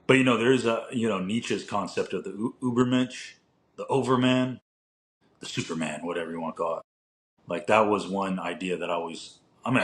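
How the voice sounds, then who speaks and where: A man co-hosting a podcast, chatting casually in a rambling way, full of fillers, with animated outbursts. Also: low voice. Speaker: podcast co-host. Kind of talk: casual conversation.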